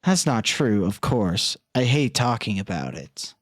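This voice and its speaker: A man streaming a game live, reading its text aloud in an unhurried, musing way and turning flustered when something breaks. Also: on the low side, big pitch swings, no echo, clean studio sound.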